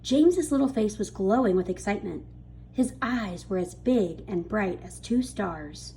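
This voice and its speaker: Brief: woman reader, unhurried, animated pitch, bedtime-story delivery. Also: a little hiss or hum. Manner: lively, expressive storytelling. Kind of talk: reading a children's book aloud.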